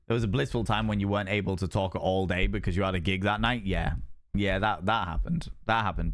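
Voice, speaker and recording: A man's voice: low-pitched, fairly bright tone, no echo, studio quality. A man chatting casually with viewers on a game stream, rambling and repeating himself.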